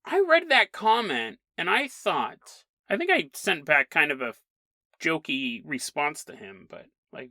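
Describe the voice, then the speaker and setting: A man hosting a podcast, telling a strange story in a chatty, animated way. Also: on the high side, a little slow, dry recording. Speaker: podcast host. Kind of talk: casual solo podcast monologue.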